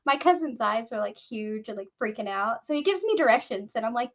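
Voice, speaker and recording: A woman's voice: sits high, a little fast, muffled recording. A woman casually telling a story on a podcast, acting out the voices of the people in it. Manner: animated, acts out quoted voices.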